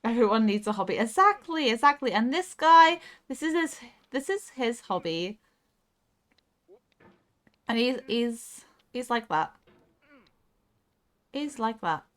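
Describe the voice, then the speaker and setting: A woman's voice: fairly high pitch, sing-song, takes it slowly, long pauses, fairly bright tone. A young woman streaming a game live, coaching herself through tense moves and chatting back to her viewers. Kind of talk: casual live gaming stream.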